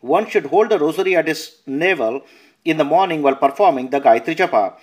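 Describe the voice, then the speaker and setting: Male narrator, slightly higher pitch, measured scripture reading. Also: lively intonation. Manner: measured reading with verse numbers and notes, some self-corrections. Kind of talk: reading a scripture translation aloud.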